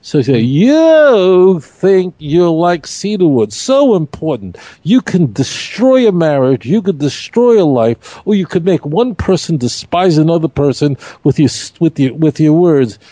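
A man teaching a Torah study class in an animated, emphatic way, repeating key points and asking rhetorical questions. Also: fairly high pitch, unhurried, few pauses, no room sound.

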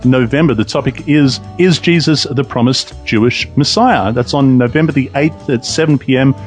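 A man's voice: medium pitch, normal speed, faint music behind. An enthusiastic man hosting an online talk show, repeating phrases for emphasis. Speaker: podcast host.

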